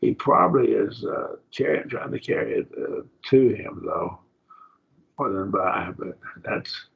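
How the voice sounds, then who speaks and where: Bible class teacher, male, gravelly and breathy, lower voice, dull lo-fi sound, halting delivery. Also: animated. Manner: halting, thinks aloud with restarts. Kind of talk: Bible study lesson on Greek text. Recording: dull lo-fi recording.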